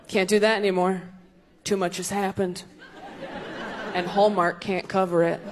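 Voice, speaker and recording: A woman performing a stand-up comedy set on a club stage, delivering wry, deadpan punchlines to a live crowd. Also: medium pitch, measured pace. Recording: noisy live club recording.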